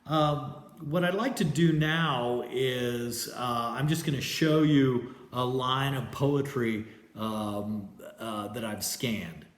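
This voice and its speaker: Slow, hesitant male teacher in an echoey room. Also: mid-range voice. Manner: hesitant, many fillers and restarts; explanatory, checks in with "right?". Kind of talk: recorded class lecture.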